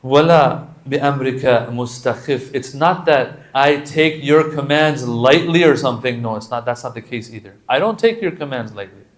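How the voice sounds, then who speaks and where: A man giving a sermon in a mosque, talking casually, dropping to soft asides, rising sharply for quoted lines and repeating words for emphasis. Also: mid-range voice, a little fast, few pauses. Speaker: religious lecturer.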